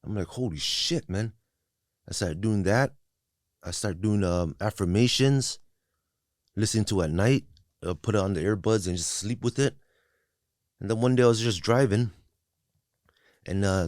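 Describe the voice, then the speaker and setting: A man's voice: low-pitched, a little mellow, no echo, clean studio sound. A man in his forties telling his life story bluntly and profanely, with many restarts and "you know what I mean" tags; English is not his first language. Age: 40s. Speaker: guest. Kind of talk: candid personal storytelling.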